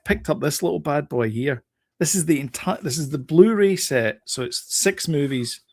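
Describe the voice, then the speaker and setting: A man's voice: a little high, lively intonation, moderate pace, creaky, a little mellow, slightly rough, dry recording. A British man co-hosting a casual chat show, laid-back and chatty, often repeating his phrases. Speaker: show co-host.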